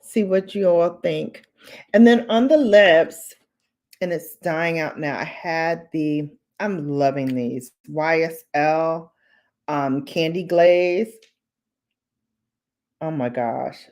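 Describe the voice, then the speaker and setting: Relaxed female vlogger with a low, unhurried voice, live-streaming casual chat to her viewers and echoing her own phrases. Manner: chatty, relaxed, repeats phrases, reads chat aloud. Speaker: beauty and lifestyle YouTuber.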